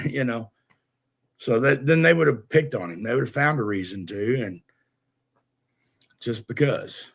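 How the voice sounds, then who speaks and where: A man's voice: mid-range voice, measured pace, creaky, long pauses, fairly bright tone, husky. A man in casual chat, laid-back and shrugging, swearing now and then.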